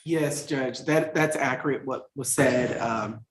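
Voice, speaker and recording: A man's voice: mid-range voice, a little slow. Guy prosecutor, hesitant n polite, echoey room, noisy call line. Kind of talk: addressing the court in a remote hearing. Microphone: video call. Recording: roomy, noisy video call audio.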